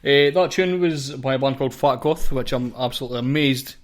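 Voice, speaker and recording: A man's voice: medium pitch, brisk. A young Scottish man hosting a podcast in casual, sweary chat, laughing often with his co-host. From Scotland.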